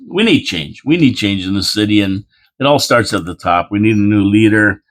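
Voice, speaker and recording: A man's voice: fairly low pitch, animated, moderate pace. A man hosting a casual local politics show, rambling and chatty, repeating phrases and reading out viewer comments with mock-indignant asides.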